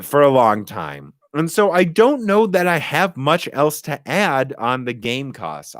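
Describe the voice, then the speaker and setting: A man's voice: medium pitch, fairly bright tone, dry recording. A young man hosting a casual live stream about tech hardware, talking in a rambling, chatty way and laughing easily. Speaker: tech podcast host.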